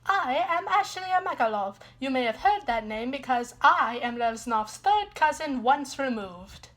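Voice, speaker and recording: A woman's voice: high voice, expressive, unhurried, fairly bright tone, full character voice. A woman voicing a pushy female kidnapper who speaks with a put-on Italian accent. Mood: bossy. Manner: bossy, insistent.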